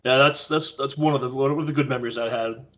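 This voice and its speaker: A man's voice: medium pitch, fast talker. A man from Canada, a podcast guest, telling casual stories and acting out quoted lines. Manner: animated storyteller acting out quotes. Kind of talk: casual storytelling.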